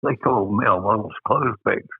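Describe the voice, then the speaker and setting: Coming through a dry, tinny phone-like line with no echo, an Australian guest in his eighties rambles through anecdotes, chuckling along the way. His lowish voice is creaky and husky, and he talks at a normal speed.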